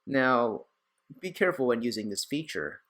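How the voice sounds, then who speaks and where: A young man hosting a casual screen-recorded software tutorial, chatty and rambling with self-deprecating asides. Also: mid-range voice, sing-song, normal speed. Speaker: tech tutorial host.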